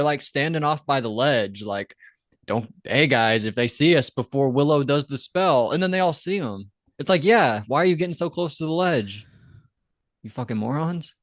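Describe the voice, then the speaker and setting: A man in a casual podcast chat, blunt and quick to swear, jumping into playful voices when quoting scenes. His voice sits in a middle register, heard close and dry with no room sound. He recaps with loose, offhand energy. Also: medium pitch, dry recording. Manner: blunt, swears freely, acts out quotes in jumpy voices. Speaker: podcast co-host.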